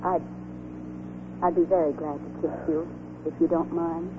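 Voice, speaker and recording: An actress playing a gentle, wry young English volunteer nurse in an old radio play, speaking softly and earnestly. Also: female voice, sits low, level tone, normal speed, lightly acted. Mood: tender. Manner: soft, earnest, wistful. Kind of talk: 1940s radio acting. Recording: tinny old radio broadcast with hiss.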